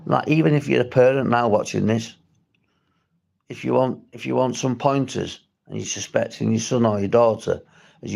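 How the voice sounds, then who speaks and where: Gravelly, sweary man from St Helens. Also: mid-range voice, darkish tone. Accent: St Helens, Merseyside. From St Helens, England. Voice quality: gravelly, husky. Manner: blunt, sweary, rambling with restarts. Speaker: recovery vlogger. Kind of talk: livestream talk to viewers.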